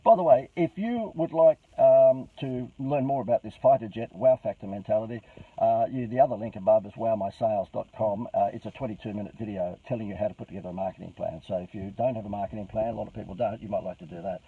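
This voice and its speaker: A man's voice: lowish voice, fast talker, slightly rough, no room sound, recorded from a distance, narrow, tinny audio. A man hosting a casual business marketing talk, rambling, joking and salesy.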